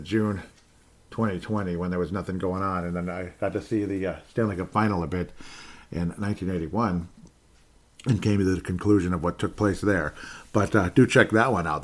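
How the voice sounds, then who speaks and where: Host read: lowish male voice, rambling excitable sports podcast monologue, repeats lines. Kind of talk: solo sports podcast rant.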